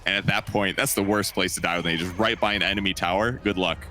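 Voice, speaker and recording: A man giving relaxed analytical color commentary on an esports match. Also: low-pitched, fast. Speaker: esports co-caster.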